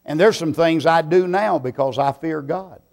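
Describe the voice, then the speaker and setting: A man preaching a sermon, slow and deliberate, swelling into loud emphatic bursts. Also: a little high, creaky.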